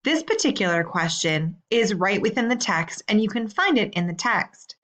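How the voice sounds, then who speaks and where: Woman teacher, medium pitch, reads assignment questions slowly and clearly. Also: very animated, fairly bright tone. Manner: slow, clear and deliberate. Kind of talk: recorded assignment instructions.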